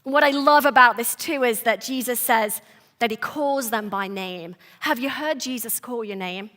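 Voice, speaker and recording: Bright, high-voiced woman preaching earnestly. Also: normal speed. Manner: earnest, emphatic, conversational. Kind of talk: sermon. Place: church service.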